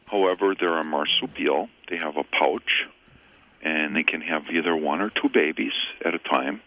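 A man who owns a pet store, a guest on a radio call-in show, giving relaxed, plain-spoken advice with many fillers. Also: rumbling low, moderate pace, narrow, tinny audio.

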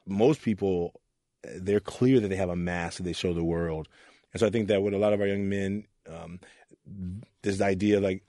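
Man, low and warm, earnest interview storyteller; quotes people in little voices. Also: moderate pace, no room sound, clean studio sound. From Oakland, California. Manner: earnest, acts out voices in his stories. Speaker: youth mentor.

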